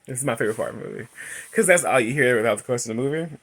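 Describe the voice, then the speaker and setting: A man in his thirties talks through a movie in a chatty, gossipy review. His mid-range voice swoops up and down freely, and he jumps into a high voice to act out characters and breaks into laughs. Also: very fast, breathy edge. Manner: chatty and animated, acting out quotes in a high voice, laughing. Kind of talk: casual movie recap and review.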